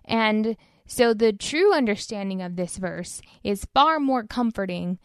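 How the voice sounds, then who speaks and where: A woman co-hosts a faith podcast, explaining scripture in an earnest, conversational tone. Her voice is mid-pitched and sounds dry and close, with no room echo. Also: expressive, a little slow, clean tone. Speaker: podcast co-host. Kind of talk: casual faith podcast discussion.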